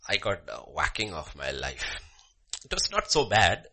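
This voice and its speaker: Deep husky guy preaching, tells a story from when he was a kid, goes loud then real quiet. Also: huge pitch swings, unhurried. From Bhutan. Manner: dramatic swings from loud emphasis to hushed murmurs. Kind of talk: sermon with personal story.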